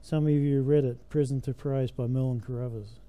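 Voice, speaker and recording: A man's voice: medium pitch, fairly even intonation, normal speed, dark tone, smooth. An older man preaching a sermon in a church, emphatic, his voice rising and falling with the message.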